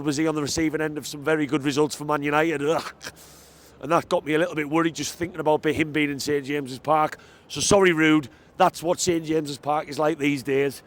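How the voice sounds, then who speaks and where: After the final whistle, a man stands outside a football ground recording a fan vlog into a handheld mic. His delivery is chatty, emphatic and excitable, and his voice is a little high.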